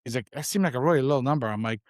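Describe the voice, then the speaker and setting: A man's voice: mid-range voice, very fast, a little mellow, no room sound, clean studio sound. A man in his twenties co-hosting a podcast, telling a long rambling anecdote and acting out the other man's lines in casual chat. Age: 20s. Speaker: podcast co-host.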